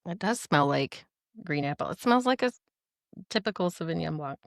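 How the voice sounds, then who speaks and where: A woman's voice: sits low, lively intonation, normal speed, gravelly, dry recording, studio quality. A woman co-hosting a romance podcast in casual chat, bubbly and giggly. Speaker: podcast co-host.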